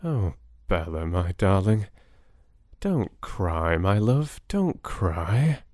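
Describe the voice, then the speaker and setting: Romantic lead, affectionate and gentle, read by a man in a low, soft voice. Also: expressive, slow pace, dry recording, clean studio sound. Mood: tender. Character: young man, affectionate and teasing.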